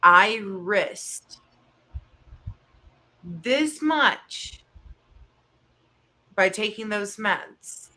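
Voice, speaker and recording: A woman in her thirties co-hosting a chat show, talking openly and emotionally with halting restarts. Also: mid-range voice, lively intonation, sharp tone. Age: 30s. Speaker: co-host. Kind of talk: candid personal chat.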